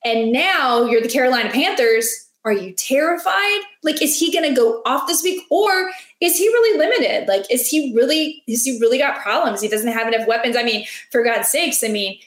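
A woman co-hosting a casual sports chat, talking in an animated, playful, rambling way. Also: high voice, normal speed, hardly any pauses, roomy sound. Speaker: sports podcast co-host.

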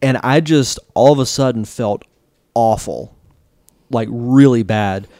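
A man's voice: mid-range voice, slow pace, mellow, no room sound, clean studio sound. A young man co-hosting a podcast, casually recounting a memory and laughing along. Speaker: podcast co-host. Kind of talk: casual chat.

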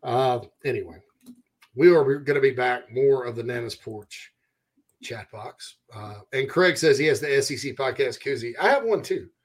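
A man's voice: mid-range voice, expressive, normal speed, slightly rough. A man hosting a college football podcast, chatting casually and folksy, laughing easily with guests. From southern United States. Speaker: podcast host. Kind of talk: casual sports talk.

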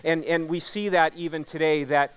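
A man's voice: a little high, fairly even intonation, normal speed, clean tone. A man preaching a sermon as pastor, earnest and emphatic, repeating key words for weight.

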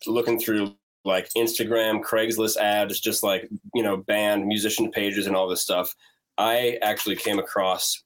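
A man from North Dakota, a band member telling his story in a relaxed way with many fillers. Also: fairly low pitch, unhurried. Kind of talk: casual chat.

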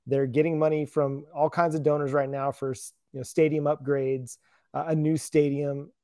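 A man's voice: a little high, flat delivery, normal speed, dark tone, no room sound, clean studio sound. A man co-hosting a casual sports talk show, laid-back and self-deprecating.

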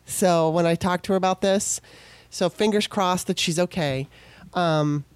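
A woman's voice: fairly low pitch, unhurried, clear, resonant tone, no echo. A middle-aged woman hosting a podcast, talking in a loose, emotional monologue with many restarts. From California. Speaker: podcast host. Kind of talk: casual monologue.

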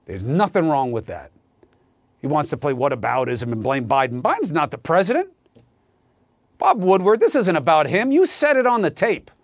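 A man's voice: fairly high pitch, sing-song, moderate pace, no room sound. A man hosting a news show, delivering a heated, sarcastic opinion monologue.

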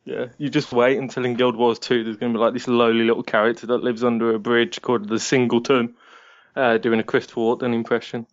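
A man's voice: mid-range voice, little pitch movement, fairly quick. Teasing male podcast guest. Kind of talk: casual podcast chat. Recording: dull lo-fi podcast mic.

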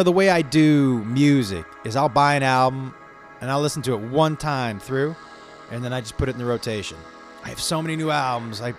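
A man delivering an angry, profanity-heavy, stream-of-consciousness rant to his viewers. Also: mid-range voice. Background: faint music playing.

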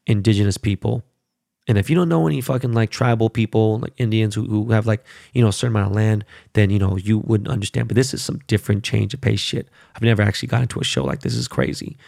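A middle-aged man hosting his own podcast in casual chat, rambling and profane, and he gets loud and worked up. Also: lowish voice, gravelly, no echo, clean studio sound. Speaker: podcast host.

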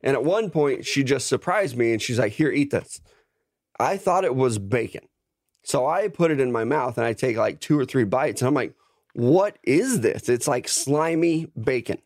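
A man's voice: mid-range voice, expressive, normal speed, dry recording, clean studio sound. A man co-hosting a sports podcast, telling tailgate stories in loose, swearing banter. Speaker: podcast co-host. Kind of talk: casual chat.

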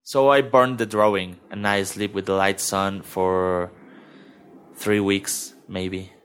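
Slow-spoken man. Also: low-pitched, flat delivery, a bit bright, clean tone. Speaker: storyteller. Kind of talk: personal storytelling.

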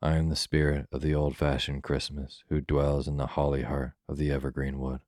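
A man's voice: rumbling low, little pitch movement, fairly quick, a little mellow, dry recording, studio quality. A man reading as a spirited young woman. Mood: proud.

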